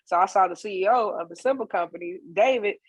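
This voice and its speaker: Woman singer chatting on a podcast, lively storyteller, mid pitch, dry close sound. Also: quick pace, husky, dry recording. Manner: lively storyteller, acts out dialogue. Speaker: guest singer and percussionist. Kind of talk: casual podcast interview.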